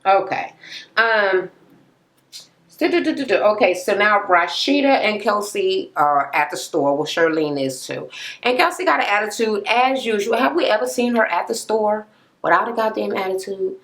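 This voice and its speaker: A young woman recapping a reality TV episode in a casual, profane rant. She acts out the people she quotes with sudden jumps in pitch, uses many fillers and laughs at the scenes. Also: normal speed. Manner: animated retelling, acting out quoted people with sharp pitch jumps.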